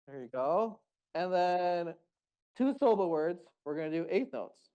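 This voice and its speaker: A man's voice: sits high, expressive, a little slow, mellow, clean tone, lo-fi sound. A man leading a group music workshop, giving encouraging, upbeat instructions.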